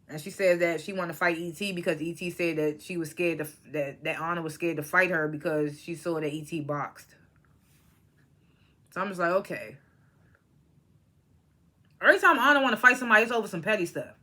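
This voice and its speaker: Young adult reality show reviewer, blunt, salty and rambling, with a bright, edgy voice at a mid pitch. Casual vlog commentary, not polished. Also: fairly quick. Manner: blunt, opinionated, profane; rambling with restarts and asides.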